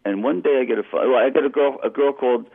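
A man's voice: medium pitch, fast, vocal fry. An older man telling a long, rambling story as a guest, correcting himself as he goes, heard over a phone-like radio line. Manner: rambling, self-correcting anecdote. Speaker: interview guest. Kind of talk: casual storytelling.

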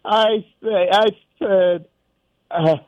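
Male radio caller, slow and halting, rambling delivery, dry sound. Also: high-pitched, steady tone, darkish tone, no room sound, dull audio. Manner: rambling, halting, with many restarts. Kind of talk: phone-in chat.

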